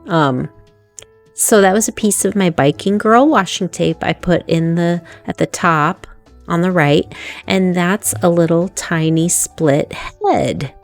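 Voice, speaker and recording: A woman narrates her crafting in a relaxed, chatty voice-over, congested from allergies. Her voice sits low with a gravelly fry, and she talks at an unhurried pace. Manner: relaxed, self-deprecating, laughs easily. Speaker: craft vlogger. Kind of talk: casual voice-over chat.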